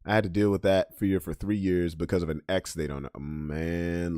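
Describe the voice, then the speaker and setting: A man hosting a podcast, ranting casually, swinging from loud emphasis to low mutters. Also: little pitch movement, normal speed, few pauses, no room sound, clean studio sound. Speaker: podcast host. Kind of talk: casual monologue rant.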